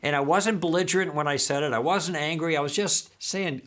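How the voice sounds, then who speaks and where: A man's voice: on the high side, brisk, hardly any pauses. A man giving a recorded teaching talk, telling stories from his own conversations and acting out both sides, often checking in with the audience by asking "okay?". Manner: animated storyteller who acts out dialogue and checks in with "okay?". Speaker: apologetics teacher.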